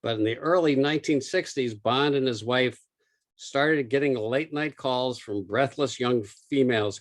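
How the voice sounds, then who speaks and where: A man's voice: mid-range voice, unhurried. A man giving an illustrated museum talk as author and lecturer, telling stories with frequent small fillers. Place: lecture room.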